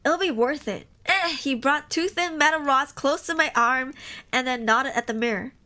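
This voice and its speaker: A woman's voice: sits high, normal speed, bright, forceful tone. A woman streamer reading horror stories aloud on a live stream, casual and emotional, reacting between passages. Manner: casual, swears often.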